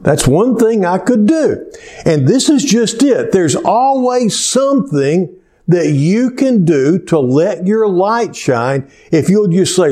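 Slow, earnest man preaching a sermon. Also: sits high, very animated, warm tone. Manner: slow, earnest storytelling with many pauses and "uh" fillers. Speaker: pastor.

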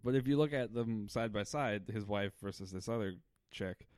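A man's voice: on the low side, normal speed, a little mellow. A man co-hosting a podcast, telling stories animatedly in casual chat, swearing and laughing. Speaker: podcast co-host.

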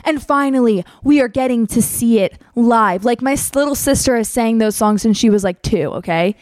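A woman's voice: a little high, moderate pace, a little mellow, no echo. Chatty young woman, dry close sound. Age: young adult. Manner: chatty, constant "like" fillers, acts out quotes. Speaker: vlogger telling a story. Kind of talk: casual storytime.

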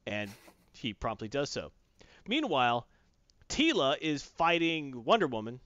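A man's voice: medium pitch, a little slow, no room sound. A man chatting casually and animatedly, retelling a story and acting out parts, recorded dry and muffled. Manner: animated storyteller, acts out voices. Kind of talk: casual chat recapping a comic.

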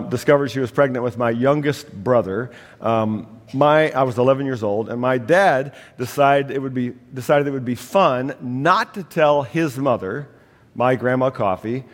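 A man preaching from the pulpit in a large hall, and his voice trails off into a long reverb. He has a middling pitch and tells stories with gentle humor. A slight cough comes and goes. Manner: storytelling with humor, acting out voices in a family anecdote. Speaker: pastor. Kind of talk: sermon.

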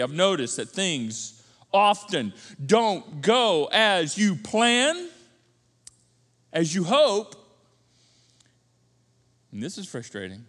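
A man preaching a sermon as pastor, conversational and animated, swinging from loud to hushed. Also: high voice. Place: church auditorium. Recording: church hall reverb.

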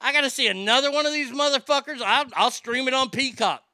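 Profane high-voiced ranting man. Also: quick pace, sharp tone, dry recording, studio quality. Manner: swearing, exasperated ranting. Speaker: podcast host reading listener comments. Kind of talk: casual profane movie rant.

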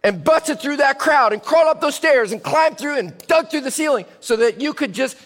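A man's voice: very high-pitched, animated, moderate pace, a bit bright, faint music behind, pitched above the performer's own voice. A man voicing an exasperated, paralyzed young man on a mat who pleads in disbelief, in a sermon. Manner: incredulous, pleading. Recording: long hall reverb.

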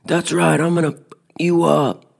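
Shouting teen punk, hungover, threatening, raised high pitch, done by a man. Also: steady tone, unhurried, creaky. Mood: angry threatening. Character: hungover skinny teen guy, belligerent, threatening.

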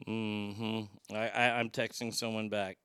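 Bantering male stream host, bright voice. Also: fairly low pitch, flat delivery, takes it slowly, smooth, dry recording. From Oklahoma. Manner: bantering, joking, reads comments aloud. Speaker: livestream host. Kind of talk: casual chat reading viewer comments.

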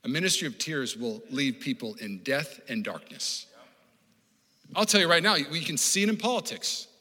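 A man preaching a sermon as pastor, animated and conversational, acting out the voices he quotes, with frequent restarts. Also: mid-range voice, moderate pace, husky, big-room sound. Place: church auditorium.

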